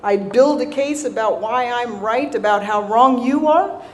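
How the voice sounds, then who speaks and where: A woman's voice: fairly high pitch, measured pace, slight background noise. Southern woman telling her recovery story. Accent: Southern American. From Southern United States. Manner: conversational, keeps checking in with "right?"; self-mocking humor. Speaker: recovery speaker. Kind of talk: personal story told to an audience.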